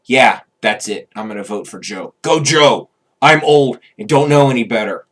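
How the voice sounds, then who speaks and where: A man's voice: medium pitch, lively intonation, moderate pace, a bit bright. A man putting on the voice of a confused, frightened older male voter who stammers and exclaims. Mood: mocking bumbling. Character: confused, scared, old-timey male voter.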